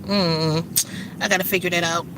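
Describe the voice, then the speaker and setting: A middle-aged woman vlogging in casual chat, talking fast and rambling, with lots of swearing, seemingly from her car. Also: lowish voice, steady tone, background noise. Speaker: vlogger and rideshare driver.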